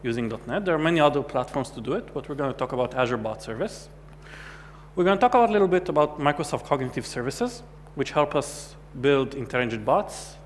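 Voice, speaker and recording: A man's voice: medium pitch, lively intonation, a little fast. A man from Israel, giving a technical talk at a conference in a light, joking way. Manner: light, joking presenter who acts out quoted chats. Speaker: conference speaker. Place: large conference hall. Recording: hall reverb with faint hum.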